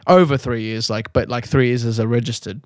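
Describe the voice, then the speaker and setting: Podcast co-host, blunt crude man, mid-pitched voice, dry close sound. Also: fairly even intonation, a little fast, dry recording. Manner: blunt, crude, frequent restarts. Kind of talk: casual chat. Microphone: remote call mic.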